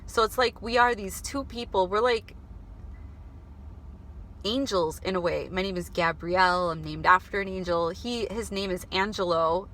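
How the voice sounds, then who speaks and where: Vlogger, woman, bright tone, earnest and halting, faint background hum. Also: medium pitch. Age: adult, married. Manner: earnest, emotional, halting with restarts. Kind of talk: spiritual vlog monologue. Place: before going to work.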